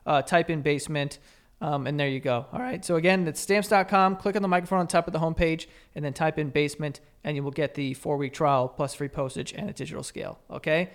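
Young guy podcast cohost, kinda high smooth voice, laughs a lot, swears casually. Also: fast. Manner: animated storyteller, laughs often, swears casually. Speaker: podcast co-host. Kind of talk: casual chat and ad reads.

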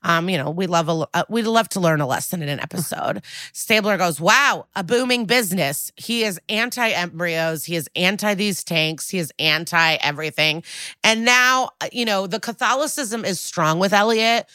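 A woman's voice: on the low side, bright, forceful tone, no room sound. Sarcastic, swearing woman podcast host. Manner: sarcastic, profane, jumps into quick impressions. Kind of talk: casual episode recap chat.

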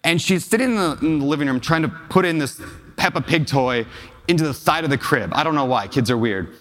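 Male speaker, slightly raised pitch, heartfelt stories, reverberant auditorium. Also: expressive, fairly quick, a bit bright. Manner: personal, emotional storytelling with audience questions. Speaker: real estate investor giving a talk. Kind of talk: storytelling keynote to a live audience. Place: large hall with an audience. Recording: long hall reverb.

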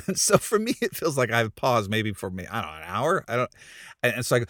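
A man's voice: medium pitch, very animated, a little fast, fairly bright tone, no echo, clean studio sound. A man who is a pastor, telling a funny story about his own failures in a casual, self-deprecating way and laughing at himself. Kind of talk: storytelling sermon with humor.

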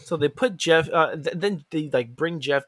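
A man speaking at a moderate pace co-hosts a laid-back wrestling recap podcast, performing the quotes with dramatic pitch swings as he retells the show. His audio is dry and studio-clean.

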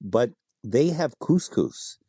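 A man's voice: mid-range voice, very animated, slow pace, mellow, slightly rough, no room sound, clean studio sound. A middle-aged man, a food expert guest in a radio interview, who talks animatedly, relishes words and spells out the names of dishes. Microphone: studio microphone.

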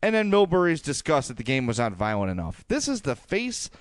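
Smooth-voiced man ranting on a podcast. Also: a little high, a little fast, dry recording. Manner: animated, ranting, jokey asides. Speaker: podcast co-host. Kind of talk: casual sports podcast chat.

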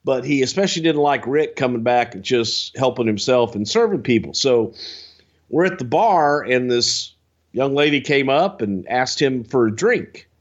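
Podcast co-host, male, animated storyteller, lots of pitch movement, dull lo-fi sound. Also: normal speed. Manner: animated, swears freely, jumps into high-pitched impressions and singing. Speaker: podcast co-host telling stories. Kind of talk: casual storytelling with impressions.

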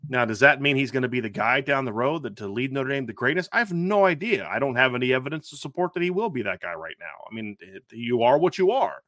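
This sports podcast host talks fast, barely pausing, in a mid-range voice that sounds expressive, pushed and bright. He analyzes football questions emphatically, circling back over points and starting sentences again. The studio-quality recording is dry.

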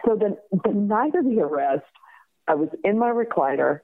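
A woman in her fifties, a guest telling her story in a lively way, laughing often and acting out the other voices. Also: mid-range voice, normal speed. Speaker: guest, crime survivor. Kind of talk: personal storytelling in an interview. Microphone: phone call. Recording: tinny phone line.

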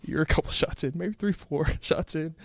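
A man's voice: fairly high pitch, moderate pace, gravelly, no echo. A young man co-hosting a podcast, rambling through a hypothetical story with frequent laughs. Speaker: podcast co-host. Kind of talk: casual podcast banter.

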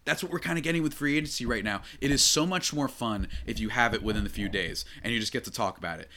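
A man hosting a solo sports podcast, talking in a rambling, excitable way with many fillers and restarts. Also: mid-range voice, fast talker, slight background noise. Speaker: podcast host.

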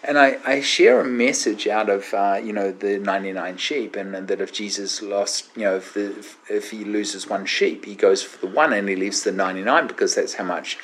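A man, a guest minister, telling an animated anecdote in an interview, with many fillers and acted-out quotes. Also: on the low side, normal speed, hardly any pauses, a little hiss or hum.

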